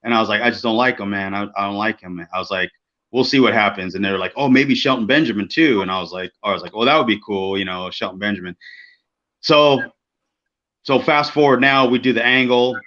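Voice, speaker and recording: Man, podcast co-host, animated storyteller who swears freely, bright tone. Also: fairly low pitch, fairly quick. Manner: animated, acts out quoted people, swears freely. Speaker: podcast co-host, former wrestler. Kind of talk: casual storytelling. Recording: dull lo-fi podcast audio.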